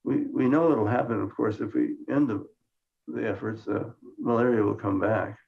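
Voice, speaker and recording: Speaking at normal speed with a steady tone, medium pitch, and vocal fry, an older man from Minnesota presents a slide lecture on science at a conference. He restarts his phrases often and keeps his humor dry and understated. Expect muffled, lo-fi audio.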